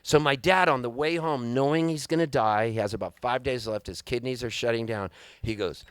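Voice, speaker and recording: A man in his fifties telling a long comic story live on stage, animated and rambling with wry timing. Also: mid-range voice, brisk, clean tone, no echo. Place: live music venue on stage.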